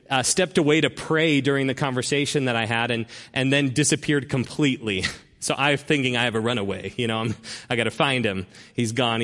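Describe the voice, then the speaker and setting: A man's voice: medium pitch, fairly bright tone. Earnest male preacher in a reverberant hall. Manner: earnest storyteller who slows down for emphasis. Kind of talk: sermon storytelling. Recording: long reverb of a large hall.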